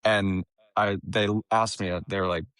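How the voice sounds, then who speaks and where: A young man with a low, deep voice recounts a story in a casual podcast chat. He is animated, laughs often and restarts his phrases. The sound is dry and close. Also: moderate pace, clean tone, dry recording. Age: young adult. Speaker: caddie, podcast guest.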